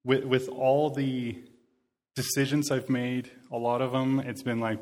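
A man in his thirties delivers a sermon in an earnest, conversational way, repeating phrases several times to press his point. His middle-pitched, darkish voice is flat and measured.

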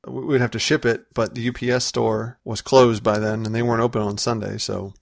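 A man's voice: mid-range voice, flat delivery, a little fast, vocal fry, no echo, studio quality. A man in casual podcast chat, rambling with restarts while telling a story. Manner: rambling, with frequent restarts and laughs. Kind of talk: casual chat recounting a convention trip.

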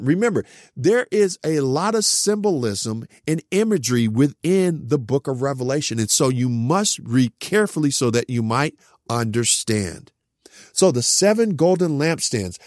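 A middle-aged man preaching a Bible teaching, reading scripture slowly and then explaining it with personal stories. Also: on the high side, no room sound, clean studio sound.

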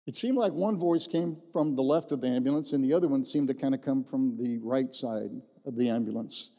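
Speaking with a dark tone and a slightly high pitch, a middle-aged pastor offers his personal testimony. He comes across as a folksy storyteller who repeats phrases for emphasis, and the recording carries the long reverb of a big hall.

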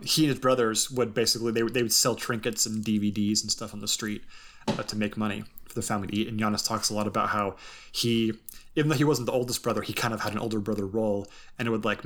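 A man's voice: lowish voice, bright, forceful tone. A man hosting a casual podcast chat, telling a long story in a rambling way with lots of ums and frequent laughs. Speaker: podcast host.

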